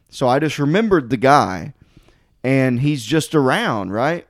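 In a medium-pitched voice at a moderate pace, a man hosting a podcast recounts a story casually. He's animated and profane, acting out people's words and leaning heavily on "like."

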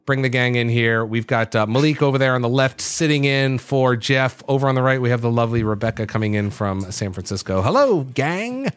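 A man's voice: medium pitch, flat delivery, a little fast, hardly any pauses, smooth, dry recording. A man hosting a gaming podcast in casual, upbeat chat, joking with his co-hosts. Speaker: podcast host.

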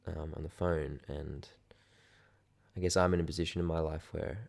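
This is a laid-back man with an Australian accent, chatting as a guest on a podcast. His voice sits very low and has a rough, gravelly fry, and he talks with easy enthusiasm and casual slang. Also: fairly even intonation, normal speed, darkish tone. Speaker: guest, aerial filming business owner. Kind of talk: casual chat.

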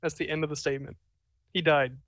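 A man playing in a tabletop game, chatting in a jokey way and quick to apologize. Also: a little high, steady tone, a bit bright, no room sound, rough recording. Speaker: player. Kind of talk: casual role-play chat.

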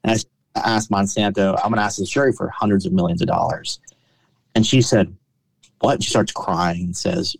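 A man, a trial lawyer, telling stories in a conversational interview, animated and full of restarts. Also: low-pitched, brisk, vocal fry, husky, no echo. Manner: animated storyteller, many restarts.

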